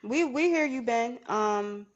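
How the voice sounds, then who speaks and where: Woman host moderating a live stream, brisk, slightly high voice, dull audio with faint hiss. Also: animated.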